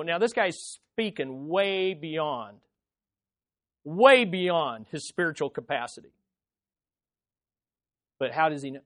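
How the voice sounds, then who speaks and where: A man preaching a sermon as pastor, swinging between loud emphatic peaks and quiet low phrases, repeating words for emphasis. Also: expressive, takes it slowly, pauses often, dry recording, studio quality. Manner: preaching with wide swings in loudness and pitch.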